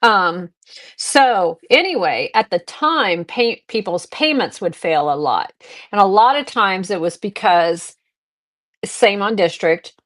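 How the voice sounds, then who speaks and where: A woman's voice: medium pitch, animated, takes it slowly, a bit bright. A middle-aged woman hosting a live selling stream, chatting casually with viewers and rambling through personal anecdotes. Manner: rambling anecdotes, restarts and fillers, talks to viewers. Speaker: live-stream seller host.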